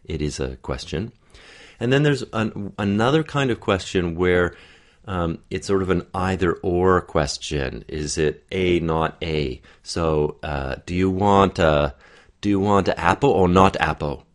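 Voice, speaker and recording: A man coaching an accent for actors, explaining tongue position and intonation and demonstrating sounds as he goes. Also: low-pitched. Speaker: dialect coach.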